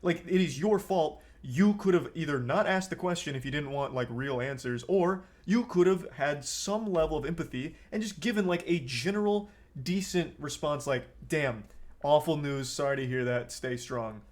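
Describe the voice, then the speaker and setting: Male streamer, sarcastic reaction commentary, slightly raised pitch. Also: animated, moderate pace, hardly any pauses, darkish tone. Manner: sarcastic, swears freely.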